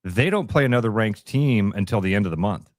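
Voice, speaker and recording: A man co-hosting a sports radio show, laying out schedules and analysis in a measured way. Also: fairly low pitch, expressive, no room sound, clean studio sound. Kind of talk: casual sports talk. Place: radio studio.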